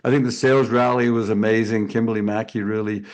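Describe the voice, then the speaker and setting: A man's voice: on the low side, steady tone, fast talker. A man speaking as a sales coach on a video panel, chatty and jokey with many restarts. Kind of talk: casual panel chat.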